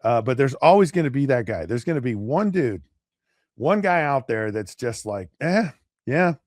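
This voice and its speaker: A man co-hosting a casual sports talk show, rambling with many restarts and acting out players and pundits in quick asides. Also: medium pitch, big pitch swings, a little mellow, no echo, studio quality. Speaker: podcast co-host.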